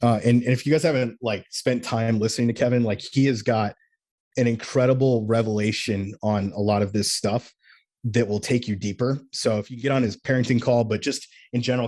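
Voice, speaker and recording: A man's voice: on the low side, brisk. A man leading a men's coaching group call, talking earnestly and acting out little quoted exchanges. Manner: earnest, animated, acts out quotes.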